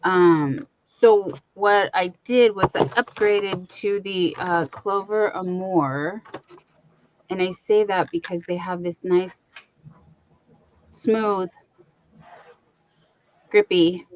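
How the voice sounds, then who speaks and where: A woman's voice: lowish voice, slow, long pauses, muffled recording, a little hiss or hum. A woman hosting a crochet livestream from her home, chatting casually and reading out viewer comments. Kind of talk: casual chat to a live audience.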